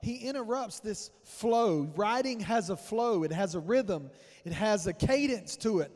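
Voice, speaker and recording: A man preaching a rhythmic, repetitive sermon as pastor, building to fervent, loud delivery. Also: sits high, expressive, a little slow, in a large hall. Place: church sanctuary. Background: loud music.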